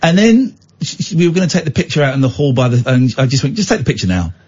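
Animated British man hosting radio chat. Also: mid-range voice, fast. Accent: British English. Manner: animated storytelling, imitating others, exclaiming. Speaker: radio show host. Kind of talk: casual on-air chat. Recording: dull lo-fi radio sound.

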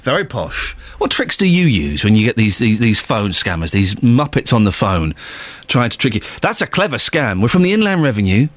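Lively, jokey male radio host. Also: medium pitch, normal speed, no echo. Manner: jokey, laughs often. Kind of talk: call-in radio chat.

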